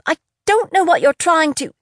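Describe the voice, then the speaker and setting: A woman reading a defiant young female prisoner who answers with quick, indignant retorts. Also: very high-pitched, animated, fairly bright tone, no room sound, studio quality, voice pushed up.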